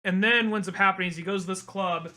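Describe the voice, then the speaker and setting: A young adult man co-hosting a podcast, casually retelling a film and acting out the characters' lines. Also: fast. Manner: animated retelling, acts out quotes in a high voice. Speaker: podcast co-host.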